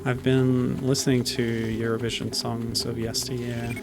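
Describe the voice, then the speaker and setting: A man's voice: mid-range voice, completely flat delivery, a little slow, vocal fry. A man streaming a video game, chatting casually and rambling off on tangents as he plays. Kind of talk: casual gameplay commentary. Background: game music.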